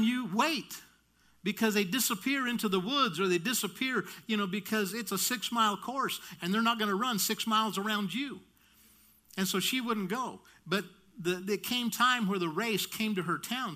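A man preaching a sermon, telling a story in an animated way with frequent restarts and touches of humor. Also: sits high.

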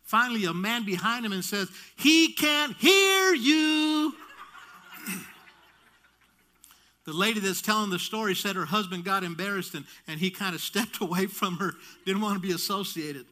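A man delivering a sermon through a long story, his voice high and bright. He tells it in an animated way, doubling back on his words and slipping in light humor. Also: fairly quick, hardly any pauses. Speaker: preacher.

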